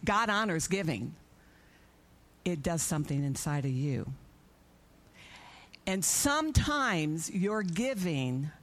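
Brief: middle-aged woman with a slightly low voice, animated church testimony storyteller. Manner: animated storyteller, acting out her own prayers and dialogue. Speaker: church speaker giving a testimony.

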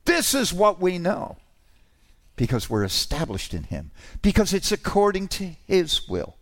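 Lively, animated male preacher. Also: sits high, a little slow. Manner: animated preaching, rising to shouts on key lines; informal, restarts and asides. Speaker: pastor. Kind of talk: sermon.

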